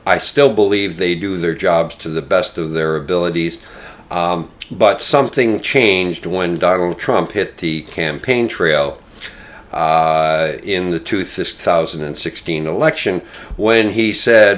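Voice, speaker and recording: An older man delivers political commentary at an unhurried, measured pace, pausing often on ums and uhs. His voice sits on the lower side, and he stretches his points out as he builds them. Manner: slow, deliberate delivery with frequent fillers.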